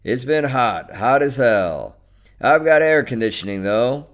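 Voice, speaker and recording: A man's voice: mid-range voice, expressive, measured pace, lightly acted. A man reading a story, voicing a balding, lonely middle-aged man who talks curtly and pushes insistently. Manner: curt, insistent, coaxing.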